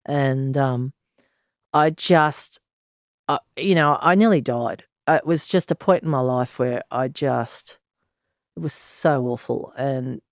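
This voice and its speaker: This Australian woman, a former police detective in her sixties, is frank, blunt and earthy as she tells her story in an interview, sighing and laughing along the way. She speaks slowly in a rumbling low voice, with clean studio sound and no room sound.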